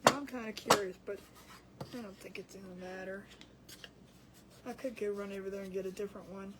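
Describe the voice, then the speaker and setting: A woman's voice: medium pitch, steady tone, brisk, heavy background noise. A woman hosting a casual craft livestream, chatty and giggly, rambling with restarts as she works.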